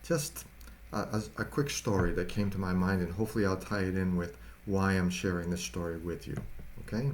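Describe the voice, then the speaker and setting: A man, a pastor, giving a storytelling sermon in a halting, conversational way, often repeating words. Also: deep voice, slight background noise.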